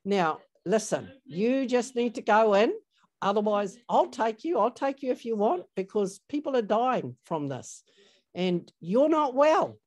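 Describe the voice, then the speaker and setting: A woman's voice: fairly high pitch, sing-song, unhurried, darkish tone, voice pushed up. A woman quoting an insistent young granddaughter. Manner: insistent, pleading. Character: earnest young woman urging her grandmother.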